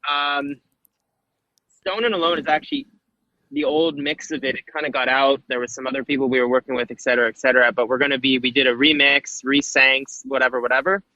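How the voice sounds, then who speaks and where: Bright, laid-back man on lo-fi audio. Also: medium pitch, fairly even intonation, brisk, no room sound. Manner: laid-back, jokey, rambling. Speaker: musician guest. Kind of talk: casual podcast chat.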